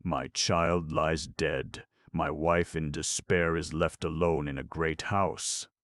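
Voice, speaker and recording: A man's voice: extremely low pitch, steady tone, takes it slowly, a bit bright, dry recording, full character voice. A man voicing a weary, grieving country doctor who speaks formally and curtly, for an audiobook. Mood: weary, stiff. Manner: formal, clipped. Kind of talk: audiobook character reading.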